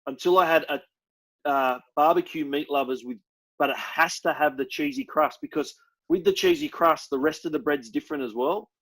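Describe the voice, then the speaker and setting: A man's voice: a little high, big pitch swings, moderate pace, fairly bright tone, poor audio. A young Australian man co-hosting a podcast, chatting casually, bluntly and enthusiastically, with some swearing. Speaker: podcast co-host. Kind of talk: casual chat.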